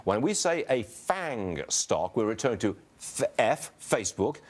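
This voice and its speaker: A man's voice: lowish voice, very animated, unhurried. A man hosting a financial talk show, pressing guests with teasing questions. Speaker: host.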